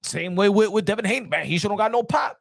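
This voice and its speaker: A man hosting a boxing channel, giving casual, animated commentary in slangy street talk and repeating phrases for emphasis. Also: sits high, fast talker, gravelly, dry recording, studio quality.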